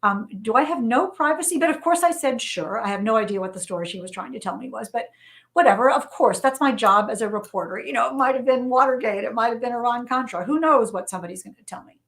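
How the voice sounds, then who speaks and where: A middle-aged woman with a slightly higher-pitched voice, speaking as an interview guest. She tells animated stories from her working life and keeps repeating key phrases for emphasis. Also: quick pace, creaky. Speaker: interview guest, journalist and novelist. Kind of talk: conversational storytelling interview.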